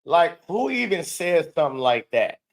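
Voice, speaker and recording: A man's voice: fairly high pitch, very animated, normal speed. A man hosting a show, mocking and incredulous as he comments on a replayed clip and mimics the speaker. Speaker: show host reacting to a clip.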